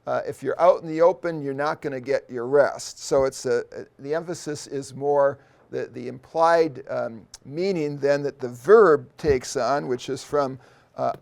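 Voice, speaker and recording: A middle-aged man, a seminary professor, explaining a Bible passage in an unscripted lecture. He is thoughtful and pauses often, with many fillers and restarts. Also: medium pitch, gravelly, darkish tone.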